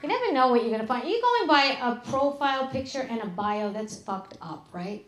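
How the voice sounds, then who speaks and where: A middle-aged woman with a fairly high voice working a live comedy crowd. She is brash and profane, tossing off deadpan asides between punchlines, and her voice rings around an echoey venue. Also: brisk. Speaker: stand-up comedian. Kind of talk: live stand-up comedy set. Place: club stage with an audience. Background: audience laughter.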